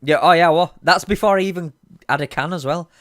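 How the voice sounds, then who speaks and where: A man's voice: fairly high pitch, brisk, fairly bright tone, dry recording, clean studio sound. A young man co-hosting a podcast, drunk, swearing and rambling through casual chat. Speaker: podcast co-host.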